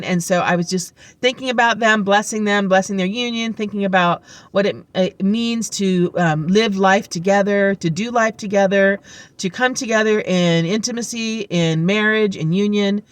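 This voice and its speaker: A woman's voice: medium pitch, moderate pace, no room sound. A woman vlogging to camera, telling chatty, rambling stories full of fillers, upbeat and heartfelt. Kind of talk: casual chat to camera.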